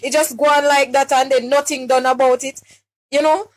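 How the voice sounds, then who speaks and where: A Jamaican woman speaks on a live stream with a fairly high voice, upset and pleading. She halts often, repeating words and restarting her sentences as she appeals for help. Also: level tone. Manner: distressed, halting, many restarts and repeated words. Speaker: mother making a public appeal.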